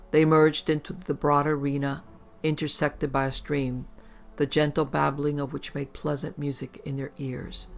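Gravelly man narrating a ghost story. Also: fairly high pitch, lo-fi sound. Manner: steady, measured reading. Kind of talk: scripted horror story narration. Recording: faint background music.

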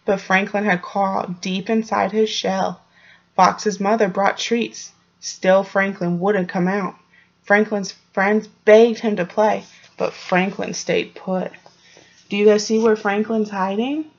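A woman teacher reading a storybook aloud to young children, gently explaining and asking them questions, in a dull lo-fi recording. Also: mid-range voice, vocal fry.

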